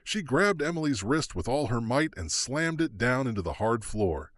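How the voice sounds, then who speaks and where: Animated male audiobook narrator. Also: mid-range voice, moderate pace, no echo. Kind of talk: scripted narration.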